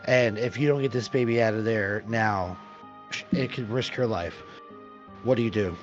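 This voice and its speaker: A man narrating a tabletop game as game master, with a halting delivery full of fillers, in a dull lo-fi recording with faint music. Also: lowish voice.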